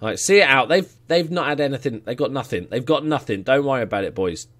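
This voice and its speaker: A man casually commentating his football management game, getting excited, cheering goals and swearing now and then. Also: medium pitch, fast. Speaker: let's play gamer.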